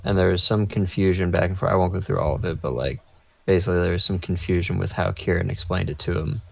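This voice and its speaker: A man with a low, creaky voice talks fast in a steady tone, co-hosting a podcast and winding through a rambling anecdote in casual chat. He acts out what people said, and the recording has a dull lo-fi sound.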